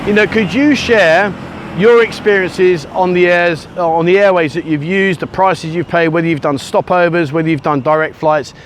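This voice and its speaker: A man's voice: high voice, steady tone, normal speed. Chatty English man vlogging outdoors. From United Kingdom. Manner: chatty, self-mocking, rambling asides. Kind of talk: casual walking vlog. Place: outdoors on a sunny beachfront by a busy road. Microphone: handheld camera at arm's length. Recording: faint outdoor traffic noise.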